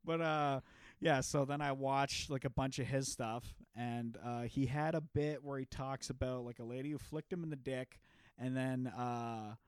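A man co-hosting a comedy podcast tells rambling stories in a loose, profane way. He breaks into laughter often. His voice sits at a middle pitch and is recorded dry and close. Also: fairly even intonation, normal speed, clear, resonant tone, no room sound. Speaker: podcast co-host. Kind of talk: casual chat.

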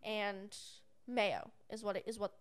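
A woman's voice: mid-range voice, flat delivery, measured pace, clean tone. A young woman telling a rambling work story in casual chat as a podcast co-host. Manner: rambling, many fillers and restarts.

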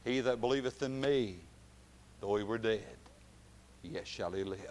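A man preaching a sermon, dropping to quiet, drawn-out phrases and then rising to loud shouted climaxes. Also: on the low side.

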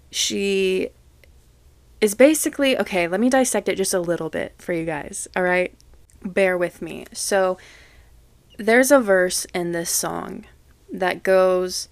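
A woman's voice: mid-range voice, no room sound. A young woman hosting a casual solo podcast, talking emotionally and gushing, swearing freely. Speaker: podcast host.

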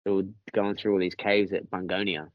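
An Australian man, a podcast guest, telling a story in a casual, animated way, swearing freely and laughing along. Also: deep voice, a little fast, no echo. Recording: muffled lo-fi, dry.

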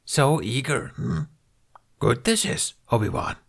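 A man's voice: medium pitch, very animated, unhurried, gravelly, voice pushed up, exaggerated voice. A man voicing an ancient, small, wise male Jedi master who speaks with inverted word order in a fan fiction reading. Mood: teasing.

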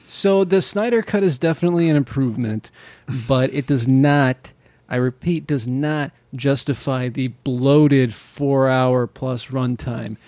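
A man's voice: medium pitch, measured pace, a little mellow, no room sound. A man chatting casually as a podcast co-host, swearing freely and joking with exasperation.

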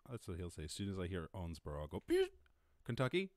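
A man's voice: deep voice, fairly even intonation, very fast, a little mellow, no echo, studio quality. A man with an Irish accent hosting a casual livestream, rambling, swearing and laughing at his own jokes. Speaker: podcast host.

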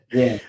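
A man chatting as a guest on a podcast, easygoing and joking. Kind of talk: casual podcast chat. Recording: dull lo-fi sound.

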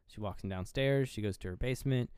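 Low, smooth-voiced man recapping a movie. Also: fast talker, a little mellow, dry recording, studio quality. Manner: rambling, swears freely, laughs at himself. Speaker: podcast co-host.

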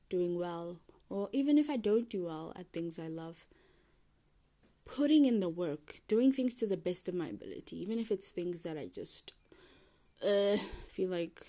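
A woman's voice: lowish voice, dark tone. A young woman hosting a solo podcast, rambling casually, trailing off and correcting herself as she goes. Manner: meandering, self-deprecating, trails off and restarts. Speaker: podcast host.

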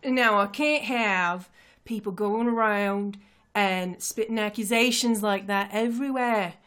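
A woman voicing a shabby, scheming male crime boss who speaks smoothly and with false politeness. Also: mid-range voice, unhurried, fairly bright tone, lightly acted. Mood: indignant.

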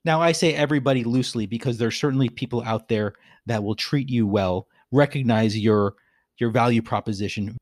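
A man's voice: medium pitch, a little fast, dry recording, studio quality. Earnest man giving a reflective talk. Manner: earnest, repeats phrases for emphasis. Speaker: podcast host.

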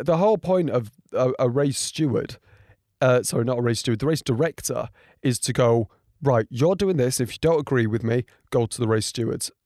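A man's voice: medium pitch, a little mellow, dry recording, clean studio sound. Rambling man reacting to race footage. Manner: rambling, frequent ums, indignant. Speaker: motorsport commentator. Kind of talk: casual reaction commentary.

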